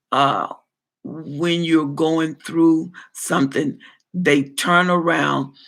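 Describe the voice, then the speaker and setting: Man pastor on a livestream: gravelly, fairly high voice, preachy, repeats himself for emphasis. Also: a bit bright. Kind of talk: livestream talk answering viewer comments.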